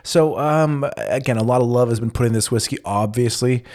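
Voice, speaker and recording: A man co-hosting a laid-back podcast, talking in a loose, rambling way. He often restarts and repeats words mid-thought. His voice sits at an ordinary middle pitch. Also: a little fast, darkish tone. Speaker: podcast co-host. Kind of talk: casual chat.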